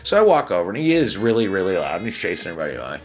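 Blunt, low-voiced man telling a story. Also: big pitch swings, racing. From Chicago. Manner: blunt and profane, many restarts. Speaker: casino hotel security manager. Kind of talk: casual storytelling.

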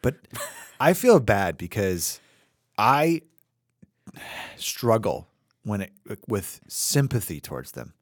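A man in his thirties, co-hosting a podcast in casual chat, animated and laughing, slipping into other voices as he tells stories. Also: lowish voice, slow pace, pauses often, no echo, studio quality. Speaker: podcast co-host.

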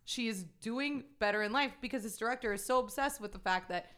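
A woman's voice: on the high side, a little fast, clear, resonant tone. A woman on a podcast casually recapping a movie, swearing and laughing as she goes. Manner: lively, profane, laughs often. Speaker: podcast co-host.

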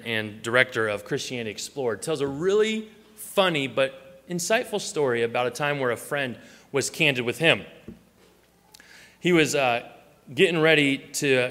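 A man's voice: mid-range voice, bright, forceful tone, long reverb tail. A man preaching a sermon, telling stories and acting out the voices he quotes. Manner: storytelling, acts out quoted voices. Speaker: pastor.

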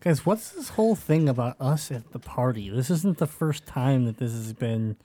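A man's voice: medium pitch, expressive, moderate pace, warm tone. Wry, puzzled man playing a game. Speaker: player. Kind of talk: casual tabletop role-play.

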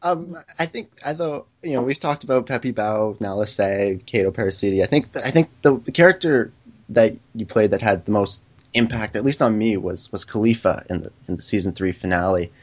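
Hesitant, lower-voiced man asking questions. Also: fairly quick, dull audio. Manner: hesitant, filler-heavy questions. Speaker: podcast co-host. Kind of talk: casual interview.

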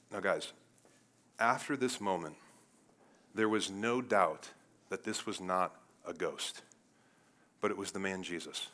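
Animated guy preaching, bright tone, really conversational, loud then quiet. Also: low voice, measured pace, long pauses. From Cleveland, United States. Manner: conversational and animated, swinging between loud bursts and quiet asides. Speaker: pastor. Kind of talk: sermon.

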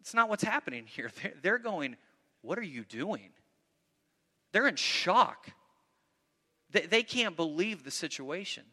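A man preaching a sermon, with a bright, fairly high voice that rings through a large hall with a long reverb. He talks in an animated way, acts out the voices of the people in his story and often repeats his words. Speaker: pastor.

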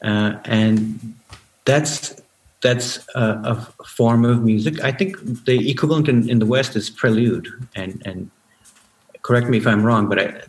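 A man's voice: mid-range voice, unhurried, low-quality recording. A man, a musician guest, in casual conversation, explaining ideas thoughtfully with many hesitations, over a remote call.

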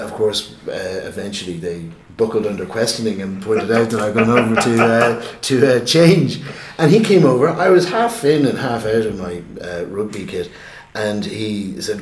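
A man's voice: lowish voice, lively intonation, normal speed. A man telling a story in casual conversation, rambling and self-mocking, with many restarts. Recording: roomy echo.

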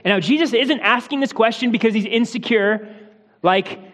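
A man delivers a teaching sermon in a high, light voice. He explains carefully, restarting phrases and dropping softer for quoted words. His voice rings with the long reverb of a large hall. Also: normal speed. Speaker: pastor.

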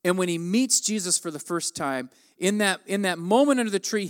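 A man's voice: a little fast, few pauses. A man in his forties preaching a conversational sermon, acting out the people in the story. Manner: conversational, acts out quoted lines with raised pitch. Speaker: pastor.

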